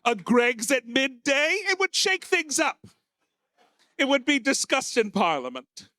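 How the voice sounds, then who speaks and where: A man's voice: very animated, a little slow, bright, forceful tone, no room sound, studio quality. A man from the United States with an American accent, hosting a stand-up comedy night in a camp, theatrical manner. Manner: camp, theatrical, swooping into shrill character voices. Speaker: comedy host. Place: small pub venue with live audience.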